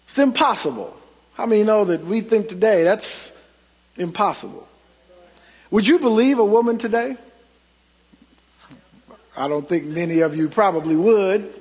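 A middle-aged man delivers a storytelling sermon in a high, slightly husky voice. He swings from loud emphatic lines to hushed asides. A long reverb from the church hall trails after his words. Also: expressive, moderate pace, long pauses. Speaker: pastor.

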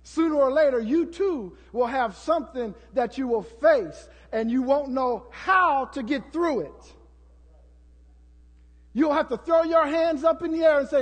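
A man preaching a sermon as pastor, building to shouts and acting out prayers to the congregation. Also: very high-pitched, unhurried, in a large hall.

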